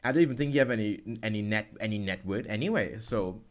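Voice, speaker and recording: A man co-hosting a casual podcast, animated and playful, laughing often and chiming in with agreement. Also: on the low side, fast. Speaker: podcast co-host.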